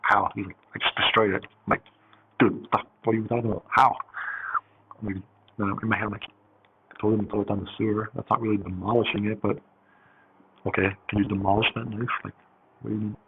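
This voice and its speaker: A man's voice: lowish voice, level tone, fairly quick, vocal fry, long pauses. A man telling a story in a casual, rambling way, with lots of fillers and swearing. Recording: tinny phone-like audio with faint hiss.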